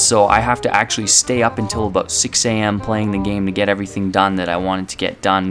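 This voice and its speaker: A man's voice: on the low side, a little hiss or hum. A young man telling a personal story to his viewers in a loose, rambling way, full of fillers and swearing. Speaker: channel host. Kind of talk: casual storytelling to camera.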